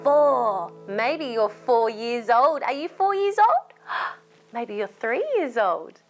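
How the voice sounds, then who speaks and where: A woman's voice: on the high side, expressive, takes it slowly, faint music behind. An Australian woman hosting a children's storytime show, coaxing young kids directly in a playful voice with gasps and exclamations. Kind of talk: children's storytime and sing-along.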